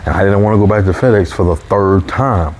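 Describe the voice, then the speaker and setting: A man with a fairly low voice tells a personal story in a relaxed, conversational way. He gets animated and jumps up high when he quotes other people. A faint hum sits behind him. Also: fairly quick. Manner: animated, raises pitch when quoting coworkers. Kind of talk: casual storytelling.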